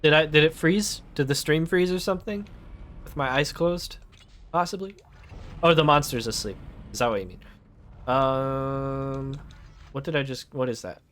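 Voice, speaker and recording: A man's voice: a little high, normal speed, pauses often, fairly bright tone, slight background noise. A man streaming a horror game, joking sarcastically and talking back to the game. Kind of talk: gaming commentary.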